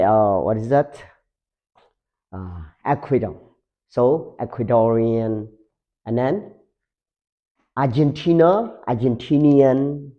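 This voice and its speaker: Guy teaching slow, lots of uh and like, dull lo-fi mic. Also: medium pitch. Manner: slow and halting, many fillers, repeats words. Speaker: English teacher. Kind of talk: slow classroom explanation. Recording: dull lo-fi sound.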